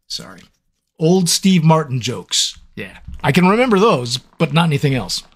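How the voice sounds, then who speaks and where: Fairly high and husky, his voice swings widely in pitch at a normal pace. The man, a voice actor seated at a microphone, is in a casual livestream chat with fans, rambling, scattered, and joking at his own expense about his wandering mind.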